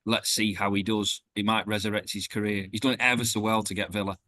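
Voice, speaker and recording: A man's voice: fairly low pitch, flat delivery, fast, bright, forceful tone, no echo. A man co-hosting a casual football podcast, giving his opinions in a blunt, direct way. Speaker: podcast co-host.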